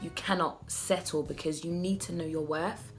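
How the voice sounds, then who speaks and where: Over soft background music, a vlogger in her twenties talks directly to viewers about self-love, sincere and personal, frequently starting her sentences over. She speaks at a normal speed in a lowish voice with fairly even intonation.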